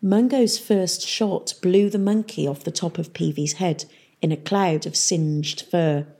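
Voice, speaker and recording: A woman narrating an audiobook in a steady storytelling manner. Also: lowish voice, unhurried, husky. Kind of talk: audiobook reading.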